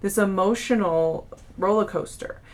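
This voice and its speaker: Here a young woman gives a relaxed monthly tarot reading, her mid-range voice unhurried. She comes across as warm and talkative, often using fillers and restarting her sentences.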